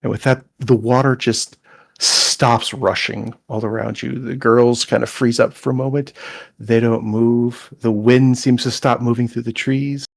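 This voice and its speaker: A man narrates as game master of an online tabletop game, his voice gravelly and a little husky. He speaks slowly and unevenly, with many restarts. The sound is dry and close. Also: mid-range voice, little pitch movement, no room sound. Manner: halting, with restarts.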